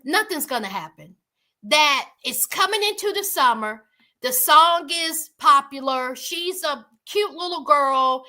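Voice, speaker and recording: A woman hosts a casual livestream, talking to her viewers by name. Her voice sits very high and sounds bright and forceful. She takes her time, drawing out her words in animated exclamations. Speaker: livestream host. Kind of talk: casual commentary chat with viewers.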